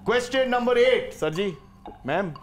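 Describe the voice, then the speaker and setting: A man with an Indian English accent hosting a quiz show, playful and teasing with quick asides. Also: extremely high pitch, expressive, soft background music. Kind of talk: joking game show hosting.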